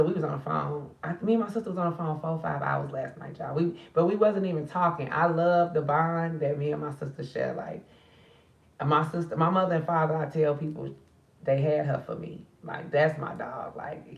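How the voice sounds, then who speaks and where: A tired woman speaks straight to her viewers as if they were her sisters. Her voice is gravelly, and it sits a little away from the phone in an echoey room. The sound is dull and lo-fi. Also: sits low, distant mic. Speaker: spiritual card reader and channel host. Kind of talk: casual late-night vlog chat.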